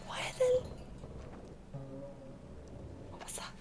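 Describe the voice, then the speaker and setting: A woman's voice: high-pitched, unhurried, a little hiss or hum. A woman hosting a let's play, commenting nervously as she explores, often dropping to a whisper and giving anxious laughs. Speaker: gaming video host.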